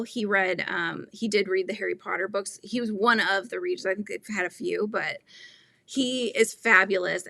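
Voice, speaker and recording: Chatty woman with a gravelly bright voice. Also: medium pitch, no room sound. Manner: rambling, chatty, laughs often. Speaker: children's book author hosting a live stream. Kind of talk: casual live-stream chat.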